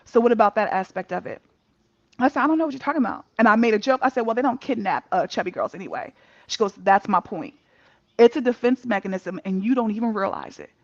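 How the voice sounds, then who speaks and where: A woman telling a personal story in a candid casual chat over a video call, animated and laughing often, cursing freely. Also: mid-range voice, fast, dry recording. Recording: dull muffled lo-fi mic.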